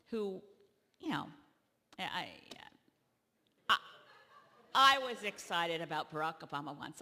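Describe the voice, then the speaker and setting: A woman from Canada, a party leader, giving an animated convention keynote speech that rises to loud emphatic peaks. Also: medium pitch. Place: large convention hall. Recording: long reverb of a large hall.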